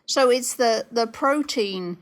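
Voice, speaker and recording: A woman's voice: fairly high pitch, takes it slowly. Chatty woman with a Sussex accent. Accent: Sussex English. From southern England. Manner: chatty, laughs easily, checks her understanding. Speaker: podcast co-host. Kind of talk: casual chat.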